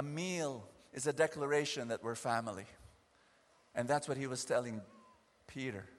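A man preaching a sermon, animated, acting out scenes and often restarting his sentences. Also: mid-range voice, moderate pace, long reverb tail, slight background noise.

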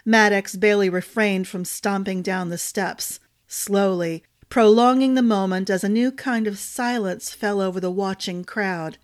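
A woman's voice: medium pitch, unhurried, hardly any pauses. Woman narrating a fantasy audiobook. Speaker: storyteller.

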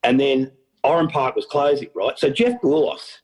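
This is a storytelling interview with a middle-aged Australian man who organizes events, speaking at normal speed in a mid-range voice on a low-quality recording. He spins his tales with animation, laughing frequently and playing out other people's quotes.

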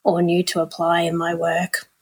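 A woman talks as an interview guest about her educating work. Her voice has a slightly breathy, husky edge, and her manner is earnest and reflective. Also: on the low side, monotone, normal speed. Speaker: guest, nature play educator. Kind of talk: casual interview chat.

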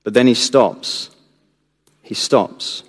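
Earnest preacher in a reverberant hall. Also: male voice, drawn-out words, husky. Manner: earnest, rising emphasis then dropping low and soft. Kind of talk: sermon.

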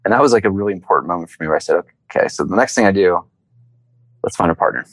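He speaks very fast in a deep voice, an entrepreneur telling his story in an interview. He's a lively, conversational narrator who performs the quotes. The recording is rough and has no room sound.

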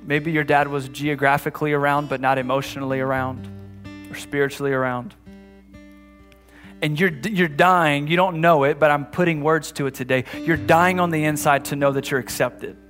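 A man's voice: fairly high pitch, fairly even intonation, moderate pace, soft background music. A man preaching a sermon as a pastor in a conversational way, often restarting and repeating phrases, building to emphatic passages. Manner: rises to emphatic, louder passages.

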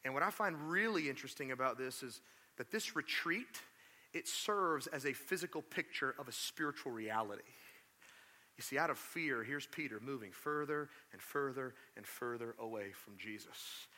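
A male pastor preaching a sermon, telling the story in a lively, conversational way with asides to the congregation. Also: mid-range voice, normal speed. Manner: animated storytelling, acts out quotes.

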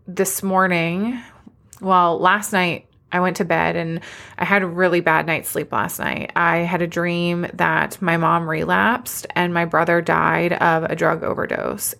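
A woman's voice: lowish voice, gravelly, fairly bright tone. A woman hosting a solo podcast as a business coach, talking candidly and emotionally, tearful at times. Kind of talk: personal solo podcast talk.

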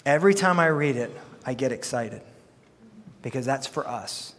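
A man's voice: medium pitch, expressive, moderate pace, fairly bright tone, a little hiss or hum. A man preaching a sermon as pastor, talking to his congregation in a playful, conversational way. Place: church sanctuary. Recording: long reverb of a church hall.

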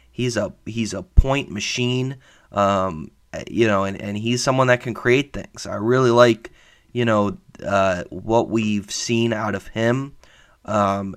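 A man hosting a casual sports reaction podcast, slightly hoarse from a sore throat, rambling with many fillers and self-corrections and enthusiastic about his team. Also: mid-range voice, a bit bright. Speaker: podcast host.

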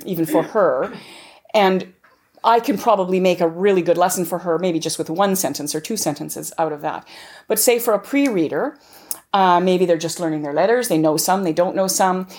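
A middle-aged woman hosting a homeschooling workshop, teaching with lively sing-song rises as she acts out lessons with a child. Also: lowish voice.

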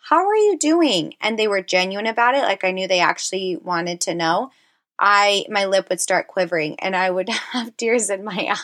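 A woman's voice: mid-range voice, fairly bright tone. A woman in her thirties, a personal trainer hosting her own podcast, talking casually and encouragingly, with frequent fillers like "like". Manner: encouraging, heartfelt, chatty with frequent "like".

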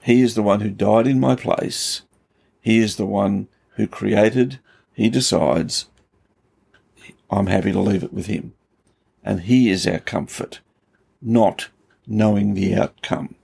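Gravelly, husky-voiced man teaching earnestly. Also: lowish voice, steady tone, takes it slowly, pauses often, a little mellow. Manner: earnest, emphatic storytelling with rising intensity. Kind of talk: conversational Bible teaching.

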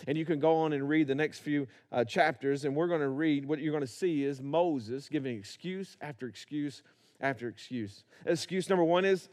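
A man's voice: fairly high pitch, quick pace, a little mellow. A man preaching a sermon, acting out biblical characters and building to rhythmic repetition. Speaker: pastor.

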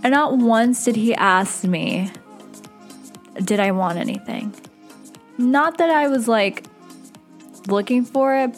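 A woman podcast host casually recounting a bad first date, chatty and full of filler words, acting out what others said. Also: mid-range voice. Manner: chatty, frequent "like" fillers, quotes others in animated asides. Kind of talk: casual storytelling.

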